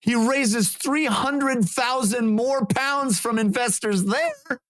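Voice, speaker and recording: A man co-hosting a comedy history podcast, telling the story in an animated, laughing way. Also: very high voice, slow pace.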